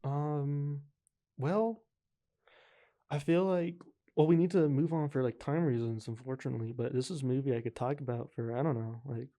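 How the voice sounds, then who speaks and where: A man's voice: mid-range voice, moderate pace, dark tone. A young adult man hosting a podcast in casual chat, laid-back and leaning heavily on filler words. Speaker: podcast host.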